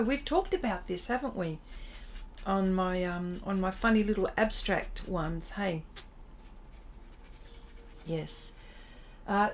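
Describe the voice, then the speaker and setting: Slow-talking woman artist. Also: medium pitch, a little mellow, a little hiss or hum. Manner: chatty, reads viewer comments aloud, self-deprecating. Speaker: art livestream host. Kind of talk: casual chat while drawing.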